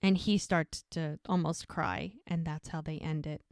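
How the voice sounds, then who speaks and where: Woman podcast co-host, casual and emotional storyteller; smooth clear voice, dry booth. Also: low-pitched, steady tone, unhurried, darkish tone, no echo. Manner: chatty storyteller, emotional, many fillers. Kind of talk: casual chat recapping a TV episode.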